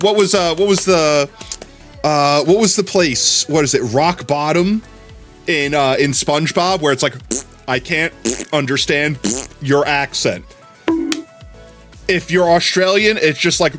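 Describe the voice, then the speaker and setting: A man's voice: a little high, fairly bright tone. A man chatting casually on a live stream, rambling from topic to topic and laughing often.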